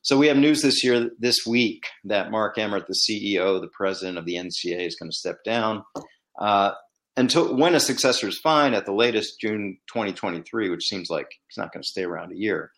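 Low-voiced man telling sports stories. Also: a little fast, gravelly, fairly bright tone. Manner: conversational storyteller, acts out quoted dialogue with rising pitch. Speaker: former team executive turned commentator. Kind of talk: casual solo commentary.

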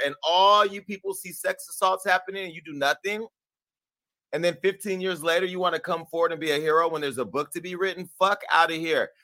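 Sassy, bright-voiced gossip host man. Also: on the high side, dry recording. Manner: sassy, profane, animated, laughs at himself. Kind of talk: brash gossip commentary.

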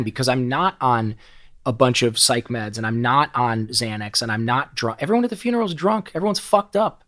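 A middle-aged man as a podcast guest, telling personal stories in a candid, emotional way, swearing freely and often repeating and restarting words. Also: medium pitch. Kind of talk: candid conversational storytelling.

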